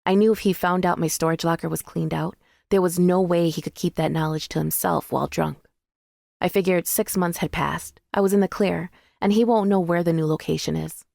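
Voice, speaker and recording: A woman reads a first-person audiobook in a measured, intimate way. Her fairly low voice carries a gravelly, fried texture. The recording is close and dry, from a studio booth. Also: steady tone, a little mellow, no room sound. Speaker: audiobook narrator.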